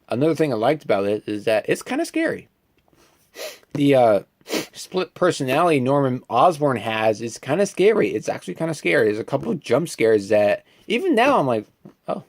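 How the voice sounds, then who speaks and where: Twenties male film reviewer, animated and talky, very expressive pitch. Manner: animated and chatty, full of fillers and asides. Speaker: movie reviewer.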